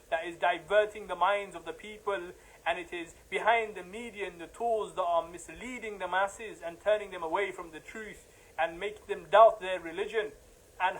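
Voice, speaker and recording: A man's voice: high-pitched, poor audio. A man giving an impassioned religious lecture, emphatic and repetitive, building to heated outbursts.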